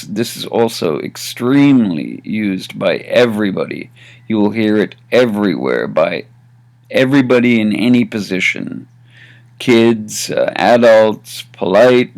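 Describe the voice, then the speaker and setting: A man teaching everyday spoken phrases, slowly acting out each one with varied intonation. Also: fairly low pitch, creaky, a little mellow. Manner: slow and deliberate, demonstrating phrases with varied intonation. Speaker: language teacher. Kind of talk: casual spoken lesson.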